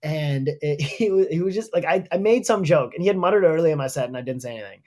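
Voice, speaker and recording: A man, a stand-up comedian guest, talking loudly in a casual podcast chat, with lots of fillers as he tells stories. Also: on the high side, quick pace. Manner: loud, animated storytelling with many fillers.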